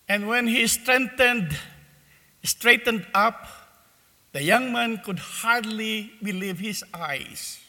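A man preaching a sermon, telling a parable in a slow, deliberate way in a church. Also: high voice, bright, forceful tone, long reverb tail.

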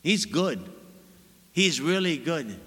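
A Catholic priest in his sixties giving a sermon, an expressive storyteller who stresses his points by repeating them. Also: on the high side, slow, slightly rough. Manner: animated, expressive storyteller with laughs and emphatic repetition. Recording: long reverb of a large hall.

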